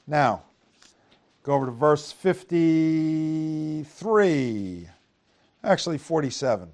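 A man's voice: a little high, lively intonation, slow, vocal fry. Man teaching scripture with tag questions. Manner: asks rhetorical tag questions; reads scripture aloud in King James wording. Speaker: preacher. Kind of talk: Bible teaching.

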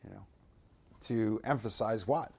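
A man preaching a conversational sermon, reading scripture aloud with loud swells and asking the audience rhetorical questions. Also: lowish voice, measured pace, vocal fry, slightly rough. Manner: loud dramatic swells when reading verses.

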